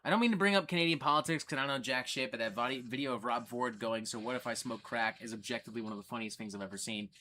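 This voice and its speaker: A man's voice: mid-range voice, racing, hardly any pauses, sharp tone. A man hosting a casual livestream, talking enthusiastically and swearing freely. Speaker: livestream host.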